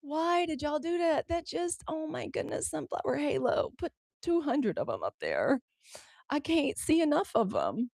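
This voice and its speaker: In studio quality with no echo, an American woman hosts a livestream news broadcast using a high voice with big pitch swings, unhurried and a little mellow. She chats with viewers as y'all and talks through the app controls while fumbling with them.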